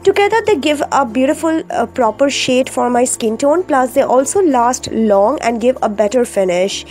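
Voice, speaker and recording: A woman narrating a makeup tutorial step by step, her voice groggy from a cold, with frequent pauses and fillers. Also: high voice, expressive, darkish tone. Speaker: beauty vlogger.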